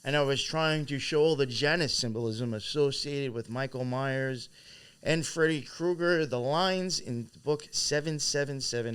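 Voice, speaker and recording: A man with a smooth, clear voice and a mid-range pitch co-hosts a casual podcast. He cuts in with quick remarks. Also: fairly bright tone. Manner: cuts in with quick conspiratorial asides. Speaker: podcast co-host.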